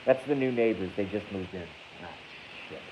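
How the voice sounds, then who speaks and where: A man's voice: fairly low pitch, moderate pace. Crude joking man on a lo-fi stream. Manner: crude, joking, self-deprecating, reads chat aloud. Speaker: livestream host. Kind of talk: rambling casual livestream chat. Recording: dull lo-fi stream audio with faint hiss.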